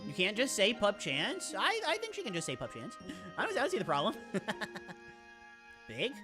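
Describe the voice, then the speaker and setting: A woman's voice: mid-range voice, wildly swooping pitch, fast, music in the background. A woman streamer giving playful, bubbly live commentary while playing a game.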